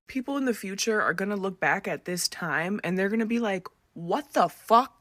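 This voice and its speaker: A woman's voice: mid-range voice, lively intonation, moderate pace, hardly any pauses, fairly bright tone, dry recording, studio quality. A woman in an angry, profane vlog rant, heavily emphatic.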